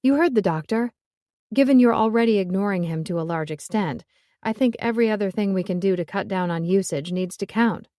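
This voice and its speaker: A woman voicing a stubborn, caring young woman who speaks firmly and briskly in an audiobook. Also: medium pitch, dark tone, dry recording, clean studio sound, close to an everyday voice. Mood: sassy. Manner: firm, brisk, cheerfully stubborn. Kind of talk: audiobook character voice.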